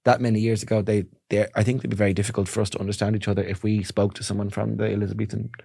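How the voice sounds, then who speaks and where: A man's voice: fairly low pitch, level tone, racing, vocal fry, mellow, breathy edge, dry recording, clean studio sound. A man in his forties with an Irish accent, co-hosting a casual comedy podcast, telling stories and riffing loosely. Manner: storytelling, riffing, slips into silly voices. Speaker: podcast co-host.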